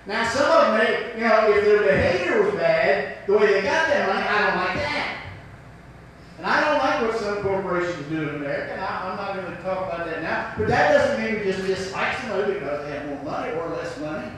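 A man's voice: high voice, animated, a little fast, a bit bright, heavy reverb, far from the mic, a little hiss or hum, poor audio. A man with a Southern US accent preaching a sermon as pastor, folksy, asking rhetorical questions.

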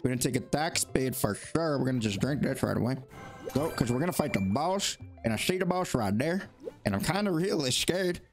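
A man playing a video game and commenting as he goes, excitable and talking to the game, with sudden high yelps when he panics. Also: a little fast, faint music behind. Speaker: gaming YouTuber. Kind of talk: let's play commentary.

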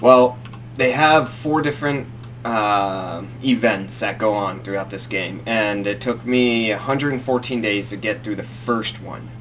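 Easygoing lower-voiced man playing a game. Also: unhurried, a bit bright, a little hiss or hum. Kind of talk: gameplay commentary.

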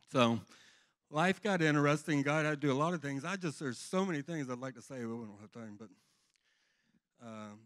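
A man's voice: medium pitch, a bit bright. A middle-aged man giving a rambling, earnest personal testimony to a church congregation. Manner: earnest, rambling storytelling with restarts.

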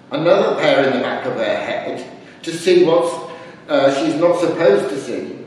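Guy doing a slow tender creator-god, echoey church, far from the mic. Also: medium pitch, a little mellow, slight background noise, natural voice. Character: the Lord as a fond, patient male creator. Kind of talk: dramatised church reading.

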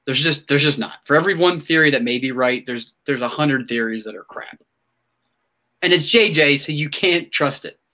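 Podcast host, male, chatty and excitable, trips over his words; bright, higher voice. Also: moderate pace. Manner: excitable, rambling fan talk with many restarts. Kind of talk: casual chat.

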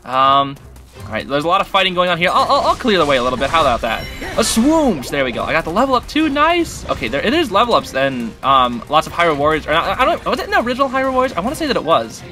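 A man hosting a gaming channel, giving excitable, chatty commentary while he plays and talks to the characters on screen. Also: on the high side, fast. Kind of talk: casual gameplay commentary. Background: game music.

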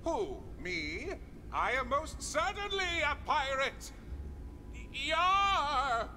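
A man's voice: extremely high pitch, very animated, slow pace, sharp tone, a little hiss or hum, heavily acted. An actor voicing an earnest, formal, bookish young male adventurer. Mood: flustered. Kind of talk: video game voice acting.

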